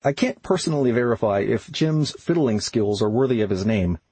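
A man narrating an audiobook in an even, unhurried storytelling manner. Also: mid-range voice, slightly rough, no echo, rough recording.

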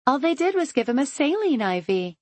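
A woman voicing Chloe, a cheerful young mother sharing good news in a bubbly, high, bright way. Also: normal speed, no room sound.

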